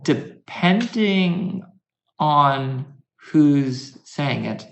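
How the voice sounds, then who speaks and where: A man's voice: fairly high pitch, animated, vocal fry, echoey room, dull audio. A man with an American accent, speaking as a guest lecturer in an easygoing, chatty way. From United States. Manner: easygoing, chatty, slow and thoughtful. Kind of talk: casual conversational talk.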